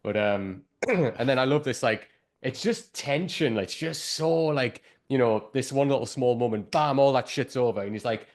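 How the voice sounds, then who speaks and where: A man's voice: medium pitch, moderate pace. A man hosting a casual show review, rambling with lots of "like" and the odd swear word. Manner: rambling, heavy use of fillers and profanity. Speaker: podcast host.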